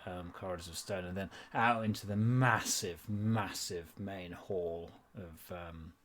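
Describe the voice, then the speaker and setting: A man's voice: low-pitched, fairly even intonation, measured pace, fairly bright tone, a little hiss or hum. A man narrating as game master of a tabletop game in a loose, rambling, chatty way.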